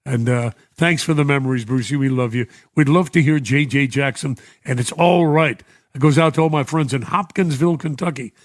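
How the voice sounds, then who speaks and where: A man's voice: medium pitch, a little fast, few pauses, no room sound. Veteran New York radio host, older man, fond and emotional, reads fan notes on a dry studio mic. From United States. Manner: warm, emotional, chuckling often. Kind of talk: radio show reading listener messages. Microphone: studio microphone.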